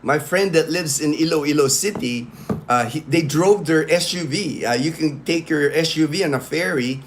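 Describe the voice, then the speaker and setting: A man's voice: a little high, moderate pace, slight background noise. Chatty man hosting a livestream. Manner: rambling, many fillers and restarts, greets viewers by name. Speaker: livestream host. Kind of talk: casual livestream chat.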